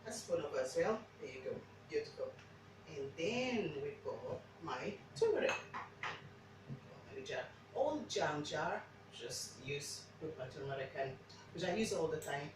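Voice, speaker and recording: Speaking English as a second language, this woman cooks at home and talks casually through a demo, rambling and restarting a lot. She sits low with big pitch swings and a slightly slow pace, sounding very echoey and far from the mic amid background noise.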